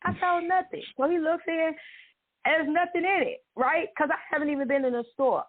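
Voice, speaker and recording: A woman tells a story in an animated, casual way. She laughs often and her exclamations are dramatic. Her voice sits fairly high and sounds thin and phone-like. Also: a little fast. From Dallas, Texas.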